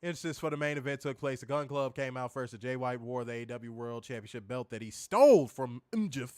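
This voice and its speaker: A man's voice: mid-range voice, fairly quick, a little mellow, smooth, dry recording. Casual male host, crude and laughing, dry close sound. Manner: loose, profane, laughing often. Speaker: wrestling review host. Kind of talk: casual crude show recap.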